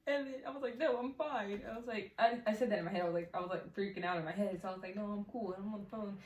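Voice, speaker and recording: A woman's voice: mid-range voice, racing, hardly any pauses, far from the mic, lo-fi sound. A teenage girl telling a casual storytime, chatty and full of fillers. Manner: chatty, many fillers, laughs often. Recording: echoey room, mic set back, faint hiss.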